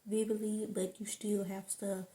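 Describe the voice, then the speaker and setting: A woman's voice: mid-range voice, little pitch movement, measured pace, mellow. A woman in casual chat about stand-up comedy, rambling off on tangents with frequent laughter. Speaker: vlogger.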